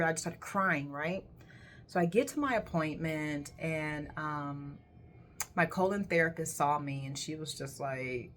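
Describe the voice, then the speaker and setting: Candid low-voiced woman telling a story. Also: a little slow, fairly bright tone, slight background noise. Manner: candid, emphatic, swears casually. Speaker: colon hydrotherapist. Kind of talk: personal storytelling.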